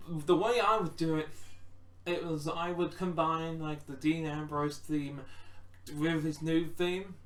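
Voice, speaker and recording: A man's voice: on the high side, fairly even intonation, slow pace. A man rambling casually through wrestling predictions, full of restarts and acted-out quotes. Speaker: wrestling fan predicting matches. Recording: roomy echo, distant from mic.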